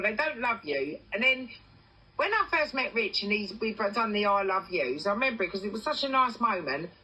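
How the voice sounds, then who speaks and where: An English woman on a casual livestream, telling a personal story in animated bursts and swearing freely. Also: on the high side, husky, poor audio. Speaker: TikTok livestreamer.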